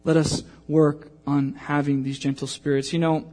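A man's voice: on the high side, normal speed. A man in his thirties preaching a sermon, telling a personal story and acting out the voices in it. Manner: animated storytelling, acting out quotes. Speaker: pastor.

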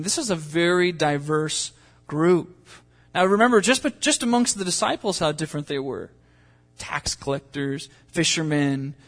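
A male pastor delivers a sermon in an earnest, conversational style, full of asides and questions to his listeners. His voice sits high for a man. The sound carries a long reverb from the church sanctuary. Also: a bit bright. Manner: earnest, conversational preaching with fillers and rhetorical questions.

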